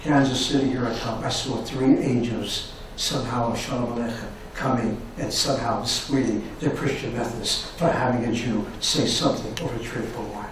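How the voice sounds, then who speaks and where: An older man giving a university lecture, telling stories in an animated way and repeating his phrases. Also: medium pitch, normal speed, recorded from a distance, background noise. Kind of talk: anecdotal lecture storytelling. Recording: echoey room recorded from afar.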